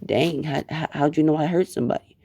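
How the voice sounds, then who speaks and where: A man's voice: on the high side, brisk, warm tone, pitched above the performer's own voice. A man voicing a volatile young male hero student who swears when agitated. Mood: casual.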